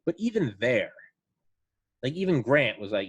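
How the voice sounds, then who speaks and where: A man's voice: medium pitch, very animated, a little slow, lo-fi sound. A man in casual podcast chat, telling profane stories and quoting friends' voices. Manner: profane, storytelling with quoted voices.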